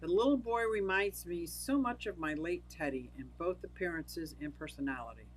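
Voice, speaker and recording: A woman's voice: lowish voice, lively intonation, normal speed, slight background noise, rough recording. Chatty older woman hosting a livestream. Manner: chatty, laughs often, answers viewers by name. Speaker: livestream host. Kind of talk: casual livestream chat reading comments.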